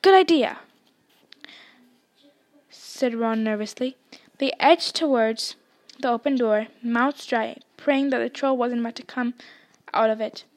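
A woman's voice: on the high side, steady tone, measured pace. A woman reading a novel aloud expressively, dropping to a whisper in tense passages. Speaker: audiobook reader.

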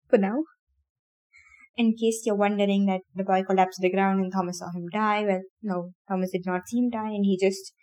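A woman who hosts a podcast reads a novel aloud in a casual way, pausing now and then to laugh and chat with her listeners about the story. Her voice is mid-range with a darkish tone.

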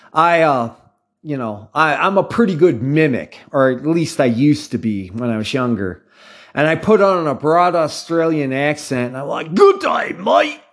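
An American man in his fifties talking casually to his viewers, rambling off on tangents and restarting his sentences often. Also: mid-range voice. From United States. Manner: rambling, tangent-prone, with frequent restarts and fillers. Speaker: channel host. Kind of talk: casual talk to camera.

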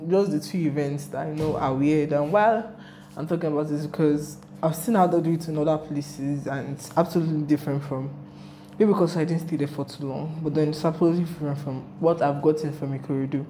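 Low-voiced, chatty Nigerian woman. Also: a little fast, slight background noise. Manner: chatty, animated, rambling asides. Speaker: travel vlogger. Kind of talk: casual storytelling vlog.

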